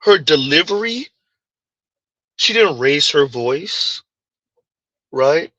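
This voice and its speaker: A man hosting his own commentary channel, talking in an animated, emphatic way and repeating his points as he reacts to a clip. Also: a little high, slow, no room sound, low-quality recording.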